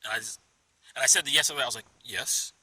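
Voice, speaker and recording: A man telling a story to a phone camera in a park, animated and dropping into whispered asides. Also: medium pitch, racing, no room sound, low-quality recording. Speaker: vlogger. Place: outdoors in a park under a tree. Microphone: phone held at arm's length.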